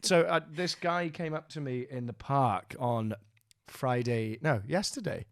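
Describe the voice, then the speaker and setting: A man's voice: mid-range voice, unhurried, no echo, studio quality. A young Welsh man hosting a podcast, telling rambling stories in casual chat and swearing freely. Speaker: podcast host.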